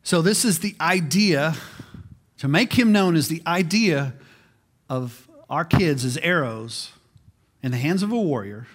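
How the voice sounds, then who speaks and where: Guy in his 40s preaching a sermon, kinda high voice, chatty, repeats words a lot. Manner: conversational preaching, repeats words when restarting. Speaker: pastor.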